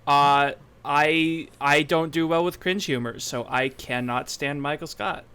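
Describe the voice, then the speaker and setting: Bright-voiced young man rambling. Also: on the high side, fairly even intonation, a little slow, clear, resonant tone. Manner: rambling, self-interrupting. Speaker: podcast co-host. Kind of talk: casual anime podcast chat.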